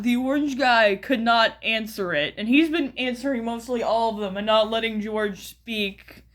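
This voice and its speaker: A woman's voice: on the high side, fairly bright tone. An American woman giving casual commentary as a YouTuber, rambling with many fillers and restarts, often chuckling. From United States.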